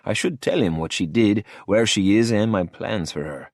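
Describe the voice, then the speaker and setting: A man's voice: lowish voice, normal speed, no echo. A man narrating a first-person audiobook in a cool, hard-edged manner, close to the mic.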